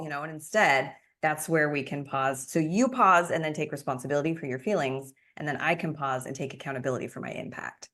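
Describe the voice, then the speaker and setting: A woman podcast host and love coach, explaining ideas calmly in a casual chat. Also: rumbling low, fairly quick.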